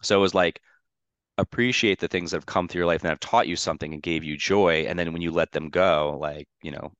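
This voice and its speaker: A low-pitched man talks through a personal story in easy podcast chat, his voice smooth and resonant. He rambles with constant "like" fillers and speaks candidly, swearing now and then. The sound is close and dry. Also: fairly even intonation, a little fast, a bit bright, dry recording, lo-fi sound. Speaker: podcast guest.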